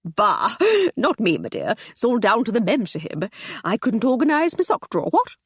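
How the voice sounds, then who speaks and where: Woman doing a jovial old gentleman, bluff and blustering. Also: on the high side, big pitch swings, normal speed, breathy edge, dry recording, studio quality, pitched above the performer's own voice, full character voice. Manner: hearty, blustering. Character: bluff jovial elderly male aristocrat.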